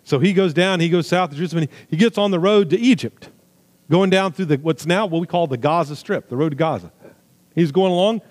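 A man preaching a sermon with emphatic, swinging delivery, loud high stresses falling to quiet low asides, with jokey remarks. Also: fast talker. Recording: long hall reverb.

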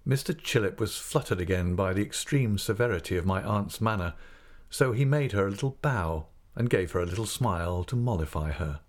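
Reading a classic novel from a script, this male audiobook narrator speaks at a fairly low pitch, keeping his delivery measured and expressive.

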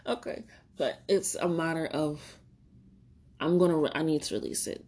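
A woman's voice: low-pitched, fairly even intonation, normal speed, a little mellow. A woman hosting a solo podcast, talking candidly and rambling about healing, swearing and laughing often, tearful at times. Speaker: podcast host. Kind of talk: reflective solo podcast monologue.

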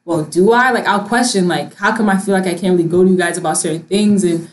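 Animated young woman in casual chat. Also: fairly low pitch, quick pace. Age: young adult. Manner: animated, acts out family quotes, laughs often. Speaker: discussion participant.

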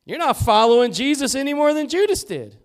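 A man preaching a sermon as pastor in a church, fervent and swinging from loud to hushed. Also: extremely high pitch, sing-song, fairly quick. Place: church sanctuary.

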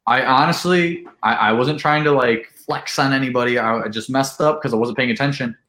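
A man telling a long, animated party story in casual chat, with lots of "like" and acted-out quotes. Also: mid-range voice, a little fast, roomy sound. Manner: animated, full of "like", acts out quotes. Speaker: podcast guest.

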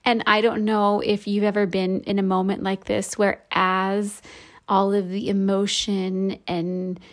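Slow, candid woman telling a story. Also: medium pitch, flat delivery. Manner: candid and reflective, with soft laughs. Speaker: podcast host. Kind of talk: personal storytelling for a devotional podcast.

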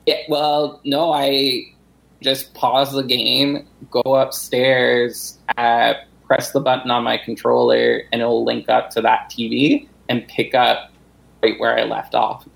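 A man's voice: mid-range voice, level tone, takes it slowly, vocal fry, rough recording. A man in a casual chat who speaks in a laid-back way, with many fillers like 'uh' and 'like'.

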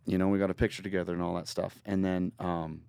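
A man from Northern Ontario, a guest musician telling a rambling, animated story in a casual studio interview. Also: deep voice, fast, gravelly, clean tone, dry recording. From Northern Ontario, Canada. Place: recording studio.

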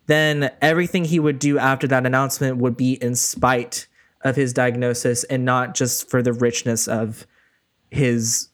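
A man co-hosting a casual discussion, speaking in a thoughtful, measured way. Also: medium pitch. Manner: thoughtful and measured, weighing his words.

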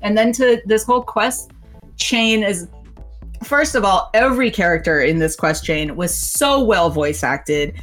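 A woman co-hosting a casual podcast chat, excitable and swearing often, filling her talk with "like". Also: mid-range voice, a little slow, faint music behind. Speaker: podcast co-host. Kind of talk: casual chat about a video game. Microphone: desk microphone.

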